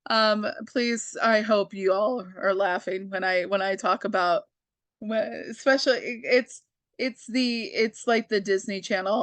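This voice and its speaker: A woman's voice: medium pitch, fairly even intonation, measured pace, no echo. A woman hosting a casual comic book reading, chatty and rambling, full of fillers and asides and amused by her own jokes. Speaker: comic book reader and channel host.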